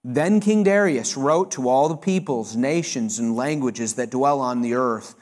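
A male pastor preaching a sermon, reading scripture aloud with expressive emphasis and breaking into explanatory asides. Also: medium pitch, unhurried, few pauses.

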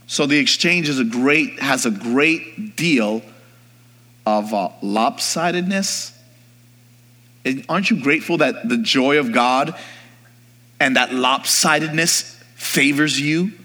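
A man preaching a sermon, swinging from hushed, slow reflection to rising, shouted exhortation, calling on the congregation to answer him. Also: medium pitch, in a large hall. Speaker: pastor.

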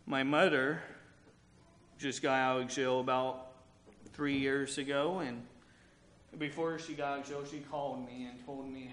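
A man's voice: medium pitch, steady tone, moderate pace, a bit bright. Earnest guy preaching, frank storyteller, echoey room w faint background hum. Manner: earnest preaching mixed with candid personal storytelling. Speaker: pastor. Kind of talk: sermon.

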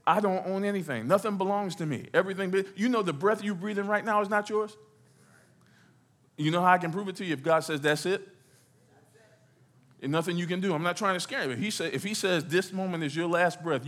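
A middle-aged man preaching a sermon as a pastor in a church, asking the congregation questions and waiting for their answers. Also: fairly high pitch. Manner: call-and-response preaching, asks the congregation questions. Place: church sanctuary.

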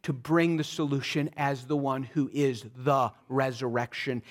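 A man preaching a sermon, speaking earnestly and conversationally, slowing and dropping his voice to stress scripture. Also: medium pitch, steady tone. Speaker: pastor.

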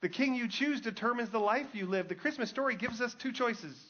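High-voiced man preaching conversationally. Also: a little fast, bright, forceful tone, dull audio. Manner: conversational preaching with emphatic repetition. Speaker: pastor. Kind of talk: sermon.

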